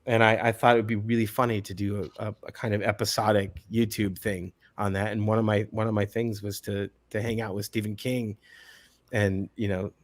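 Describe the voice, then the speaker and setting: A man's voice: on the low side, fairly quick. Chatty man, middle-aged guest. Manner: animated storyteller, repeats words at starts. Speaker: actor guest. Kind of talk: casual interview chat.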